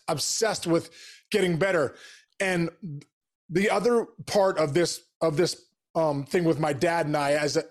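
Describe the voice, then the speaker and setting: High-voiced, fired-up man telling stories. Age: 40s. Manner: energetic, acts out quoted dialogue. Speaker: podcast guest. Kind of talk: casual storytelling.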